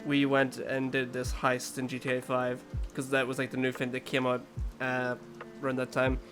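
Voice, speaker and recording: A man's voice: mid-range voice, completely flat delivery, moderate pace, fairly bright tone, faint music behind. A man co-hosting a casual podcast, telling gaming stories in a rambling way and laughing often. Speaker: podcast co-host. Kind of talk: casual storytelling chat.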